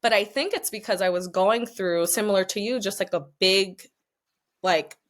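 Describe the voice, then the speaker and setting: A young adult woman telling a personal story as a podcast guest, chatty and expressive with many fillers, at times moved to tears. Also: mid-range voice, moderate pace. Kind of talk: casual, emotional storytelling.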